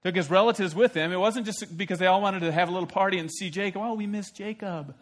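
A male pastor, voice sitting a bit on the higher side, preaches through a scripture passage verse by verse. He is animated and playful, chuckling often and leaning on rhetorical questions. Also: fast. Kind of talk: sermon.

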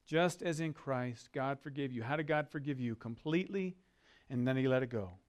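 A man's voice: medium pitch, moderate pace, lo-fi sound. A man preaching a sermon as a pastor, earnest and leading his listeners to repeat words with him. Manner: earnest, leads congregation call-and-response.

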